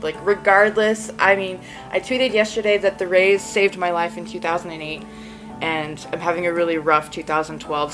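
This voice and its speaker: A woman's voice: fairly low pitch, poor audio. A woman hosting a casual solo podcast, sleepy and just out of bed, rambling with lots of "like" and frequent giggles. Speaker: podcast host.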